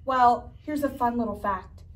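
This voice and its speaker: A woman's voice: fairly high pitch, unhurried. A woman leading a children's church camp, playfully asking the kids questions. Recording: mic from far off.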